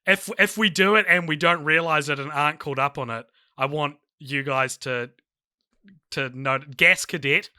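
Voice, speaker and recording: A man's voice: fairly high pitch, moderate pace, bright, forceful tone, smooth, no room sound, clean studio sound. A man co-hosting a podcast in casual chat, laughing easily and trailing off mid-sentence. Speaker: podcast co-host.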